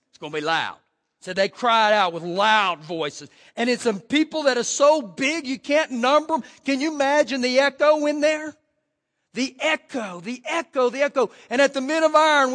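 A man pastor preaching a fervent sermon, swinging from shouts to hushed asides. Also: very high voice. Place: church sanctuary.

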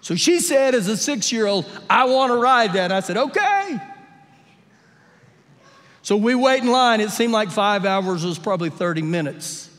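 A male pastor preaching a sermon during a live church service, telling animated, humorous stories and acting out the voices in them. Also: high-pitched, brisk, hardly any pauses. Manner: animated storytelling, acts out quotes with humor. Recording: live church audio with long hall reverb.

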